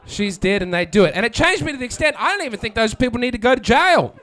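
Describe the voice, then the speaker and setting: A man's voice: very high voice, animated, fast talker, a bit bright. A man doing a sardonic stand-up set, chatting with the crowd and acting out quotes. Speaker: stand-up comedian. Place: comedy venue with live audience.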